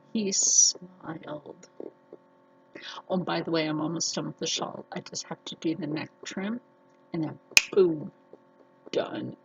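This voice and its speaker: Slow-talking gravelly-voiced woman vlogger. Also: sits low, highs cut off, noisy background. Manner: chatty and defiant, with frequent laughs. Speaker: sewing vlogger. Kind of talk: casual chat to camera.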